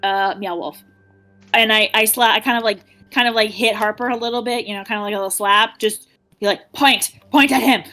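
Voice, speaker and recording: A woman's voice: fairly high pitch, steady tone, fairly quick, sharp tone, soft background music. A woman playing a tabletop game in character, talking in a flustered, fretting way. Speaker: player.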